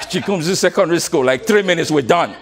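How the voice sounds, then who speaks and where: High, lively-voiced male motivational coach. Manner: animated, laughs often, repeats words, coaxes the audience. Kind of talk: motivational talk to a live audience.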